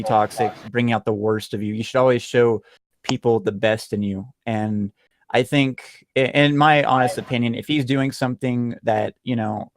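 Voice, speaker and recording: A man's voice: lowish voice, dry recording. A man hosting a gaming podcast, speaking earnestly and reflectively with small hesitations. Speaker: podcast host. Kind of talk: casual podcast chat.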